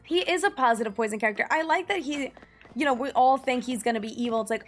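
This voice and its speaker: A woman's voice: fairly high pitch, fast. A young American woman streaming a game, chatting in a rambling, enthusiastic way full of "like" fillers and the odd swear word. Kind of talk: casual chat while gaming. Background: faint game music.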